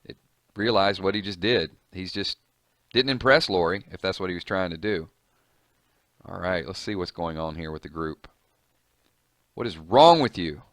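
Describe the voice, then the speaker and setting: A man's voice: low-pitched, normal speed, a bit bright, no echo, studio quality. Chatty man reacting to a comic. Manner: chatty, reactive, musing aloud with fillers. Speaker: comic reader and commentator. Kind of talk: casual comic reading with commentary.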